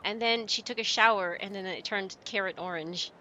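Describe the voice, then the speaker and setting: A woman's voice: medium pitch, normal speed, pushed and bright, muffled recording, a little hiss or hum. A woman streaming a game, chatting with viewers in a giggly, rambling way and telling stories. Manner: chatty, giggly, tells anecdotes. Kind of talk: casual chat with stream viewers. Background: game music.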